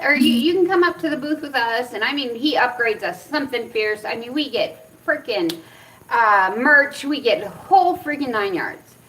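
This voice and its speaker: A woman from Arizona telling personal stories in a chatty, rambling vlog style, with many ums and animated retellings. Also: on the high side, far from the mic, poor audio. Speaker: cannabis vlogger. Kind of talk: casual storytelling vlog.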